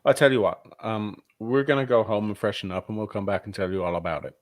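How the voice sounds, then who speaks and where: A man's voice: on the low side, quick pace, no room sound. A man playing a tabletop game, speaking in character with dry, teasing banter. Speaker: player. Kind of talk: tabletop role-play.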